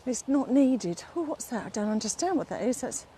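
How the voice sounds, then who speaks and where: A woman's voice: fairly high pitch, sing-song, brisk, mellow, a little hiss or hum. Breathless chatty woman walking uphill. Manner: chatty, rambling, fond with her dog. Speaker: fitness instructor vlogger. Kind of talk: casual walking vlog. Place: outdoors on a steep hill.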